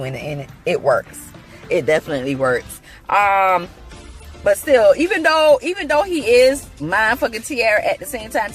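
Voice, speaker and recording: A woman vlogger giving casual, opinionated commentary on a reality show, blunt and frank with plenty of swearing. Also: medium pitch.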